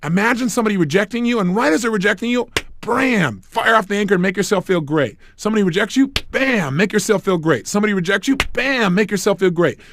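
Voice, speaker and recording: A man's voice: high voice, lively intonation, quick pace, a bit bright, slight background noise. A man speaking as a motivational speaker in a recorded self-help program, emphatic and repetitive, telling stories to make his points.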